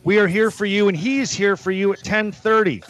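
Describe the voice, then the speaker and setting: A man's voice: high-pitched, fairly even intonation, brisk, fairly bright tone, soft background music. A man hosting a casual sports talk radio show, talkative and prone to repeating himself.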